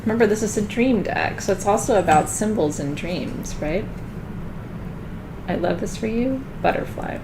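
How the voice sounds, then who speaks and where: A woman doing a live tarot card reading in a chatty way, laughing often and getting loud when she jokes. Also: medium pitch, expressive, moderate pace, background noise.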